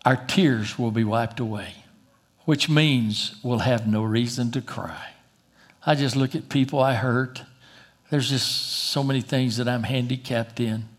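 A man preaching a sermon in a folksy, emphatic way, slowing down for dramatic pauses. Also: medium pitch, steady tone.

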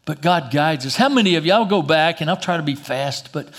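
A middle-aged man preaching a sermon as pastor, rising loud and high then dropping soft and slow for emphasis. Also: animated.

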